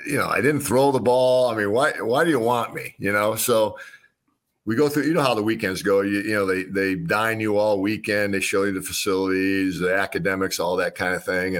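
A man's voice: fairly low pitch, fairly bright tone. A man in his sixties from Illinois, a former quarterback telling folksy stories as a guest in an interview, with frequent restarts. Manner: folksy, unhurried storyteller with repeated restarts. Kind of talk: storytelling interview.

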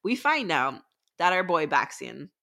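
A woman's voice: low-pitched, big pitch swings, unhurried, vocal fry, sharp tone. A woman co-hosting a book podcast, recapping the plot in casual, swearing chat. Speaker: podcast co-host.

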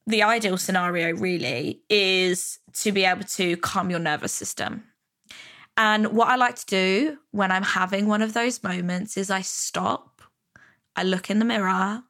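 A woman's voice: mid-range voice, normal speed, pushed and bright. A woman hosting a podcast, talking casually about money stress with lots of fillers. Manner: chatty, lots of fillers like "you know" and "like". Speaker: podcast host. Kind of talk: casual self-help podcast monologue.

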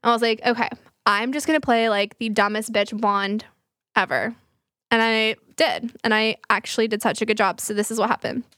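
A young adult woman co-hosting a casual chat, telling a story quickly with lots of filler words, laughs and swearing. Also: fairly high pitch, fairly even intonation, fairly bright tone, no room sound, clean studio sound. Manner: fast, filler-heavy, laughing, profane storyteller. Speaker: podcast co-host.

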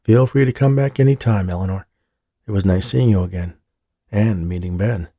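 A man voicing a charming male medium who speaks gently and reassuringly. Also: fairly low pitch, moderate pace, dry recording, studio quality. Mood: friendly.

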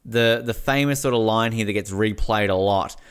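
A man's voice: moderate pace, clear, resonant tone. A man with an Australian accent who hosts a podcast. He chats casually and acts out quotes as he talks. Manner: animated, swings between high and low, acts out quotes. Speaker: podcast host. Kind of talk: casual chat.

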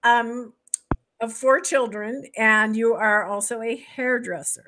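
Bright, laughing woman podcast host. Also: fairly high pitch, steady tone, slow, poor audio. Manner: warm laughing, affirming interjections. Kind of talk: interview chat.

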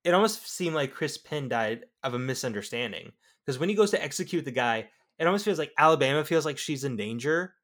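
A man co-hosting a film podcast, talking in an easygoing, slightly halting way. His voice sits at an ordinary middle pitch for a man. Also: expressive, fairly bright tone. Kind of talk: casual film review chat.

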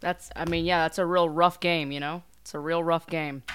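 Low-voiced woman co-host with dry deadpan humor. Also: normal speed, a little hiss or hum. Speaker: podcast co-host. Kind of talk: casual chat.

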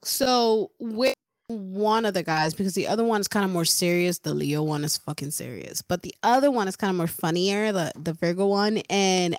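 A woman from Puerto Rico co-hosts a podcast in loose, casual chat, her voice sitting at an ordinary middle pitch. She laughs easily, swears freely and acts out quoted texts. The sound is dry and close, with no room around it. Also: moderate pace, no room sound. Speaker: podcast co-host.

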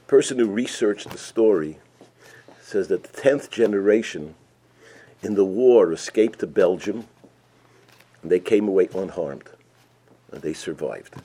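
A man telling a folk tale in a sermon, animated and full of Yiddish and Hebrew terms. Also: low-pitched, a little slow, long pauses, husky. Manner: animated storyteller, acts out characters, sprinkles Yiddish and Hebrew terms. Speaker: rabbi teaching a weekly Torah portion. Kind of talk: storytelling sermon.

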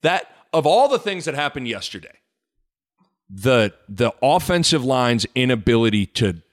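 Animated man hosting a sports podcast. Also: medium pitch, normal speed. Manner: animated, rambling with restarts, jokey. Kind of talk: casual sports chat.

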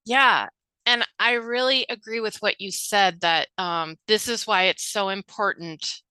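Woman, bright tone, smooth clear voice, earnest, animated, dry close sound. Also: mid-range voice, unhurried, dry recording, low-quality recording. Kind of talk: casual spiritual conversation.

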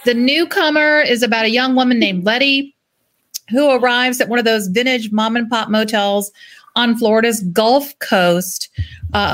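A woman author chatting casually about her new novel, self-deprecating and relaxed. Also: a little high. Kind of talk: casual chat.

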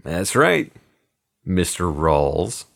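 A man voicing a quiet, plump middle-aged hotel detective who speaks softly, calmly and unhurriedly. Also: low-pitched, gravelly, heavily acted. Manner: soft, calm and unhurried.

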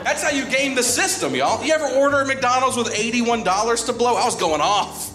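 A male stand-up comedian telling a story on a club stage, animated, with sudden jumps in his voice. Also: extremely high pitch, fairly quick, a crowd in the background. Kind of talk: stand-up set. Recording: echoey live club with music.

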